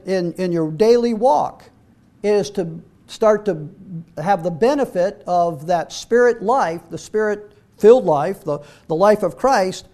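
A middle-aged man preaching a verse-by-verse sermon. His voice sits high for a man. He reads scripture aloud and stumbles over repeated words as he restarts. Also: dark tone.

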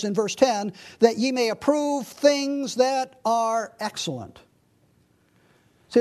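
A pastor preaching an expository sermon, earnestly reading scripture aloud with frequent restarts. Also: male voice, high-pitched, a little mellow.

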